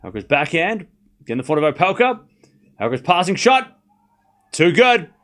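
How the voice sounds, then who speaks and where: A young man hosting a live tennis watchalong stream, chatting casually and excitedly repeating the score as points are played. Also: fairly high pitch, moderate pace. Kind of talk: live casual play-by-play commentary.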